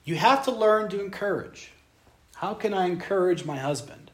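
A young man preaching a sermon on marriage to a live audience, animated and conversational, acting out little voices as he goes. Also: high-pitched, moderate pace. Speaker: pastor.

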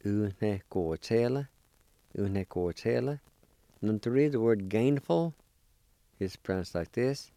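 On the radio, an Oklahoma man gives a slow language lesson, spelling out words letter by letter and repeating every syllable to show pronunciation. He speaks in a dark, animated, lowish voice, unhurried and pausing often, with no room sound.

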